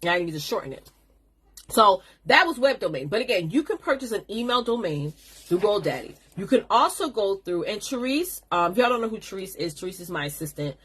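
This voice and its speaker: A woman hosts a casual live-stream lesson for her viewers. Her voice has a husky, breathy grain and sits at an ordinary pitch. She talks in a chatty, sassy way and calls her audience honey. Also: sing-song, a little fast, a bit bright. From New York. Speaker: business coach hosting a live stream.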